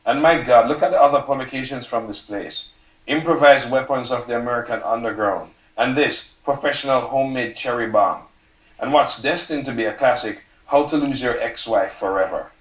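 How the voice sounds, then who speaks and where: A man's voice: medium pitch, normal speed, natural voice. An author reading the part of a sarcastic, prying American man who needles with pointed questions, in a roomy hall. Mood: needling. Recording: roomy hall, mic from far off.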